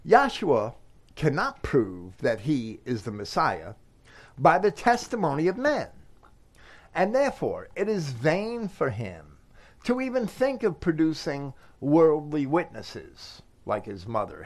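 Animated male Bible teacher. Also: on the high side. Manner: measured, reads scripture aloud with emphasis. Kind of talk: scripture commentary reading.

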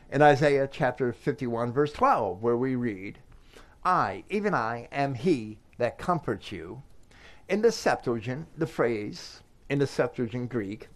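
A man giving a scripture commentary, reading verses aloud with measured emphasis. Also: mid-range voice. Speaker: Bible teacher.

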